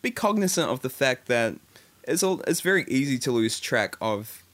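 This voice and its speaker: A man's voice: medium pitch, big pitch swings, normal speed, a bit bright. A man with a New Zealand accent co-hosting a podcast, chatting casually and gushing with enthusiasm. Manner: enthusiastic, effusive. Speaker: podcast co-host. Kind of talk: casual chat.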